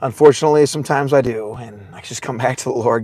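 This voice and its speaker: A man preaching a sermon in a casual, excitable way, often laughing, swinging between shouts and hushed asides and saying "man" a lot. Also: on the high side, a little fast, hardly any pauses, slightly rough, dry recording, studio quality.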